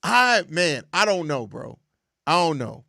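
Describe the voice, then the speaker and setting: A man's voice: fairly high pitch, big pitch swings, a little slow, gravelly, bright, forceful tone, no room sound, studio quality. A young man hosting a sports show, ranting in exasperated, profane casual commentary and repeating himself. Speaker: sports podcast host.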